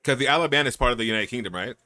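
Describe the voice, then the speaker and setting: A man with a bright, forward voice co-hosts a live stream and chats with eager enthusiasm. He cracks jokes and reacts in an animated way. The sound is dry and close. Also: medium pitch, racing, dry recording. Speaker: co-host. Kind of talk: casual live-stream chat.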